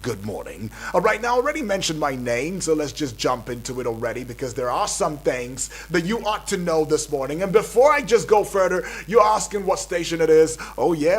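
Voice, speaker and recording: A man with a Nigerian accent hosting a breakfast radio show, hyping up listeners with repetitive, energetic patter from the studio. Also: fairly high pitch, a little fast, hardly any pauses, husky. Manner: hype-building, repetitive, calls out to listeners.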